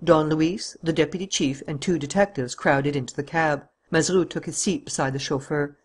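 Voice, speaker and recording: A man's voice: on the high side, moderate pace, a little hiss or hum. A man narrating a classic adventure novel as an audiobook reader.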